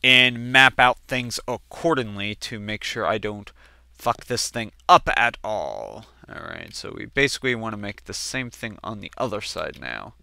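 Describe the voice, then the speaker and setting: A man of twenty doing casual let's-play gameplay commentary, chatting and telling family stories in which he acts out quoted relatives with sudden jumps in pitch. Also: expressive, unhurried, gravelly, pushed and bright, no room sound. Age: 20s.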